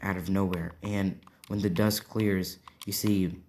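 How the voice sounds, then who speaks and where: Slow, rambling male storyteller. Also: deep voice, flat delivery, a little mellow, slight background noise. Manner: rambling, constantly checking in with "right?". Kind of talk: improvised fan-fiction storytelling.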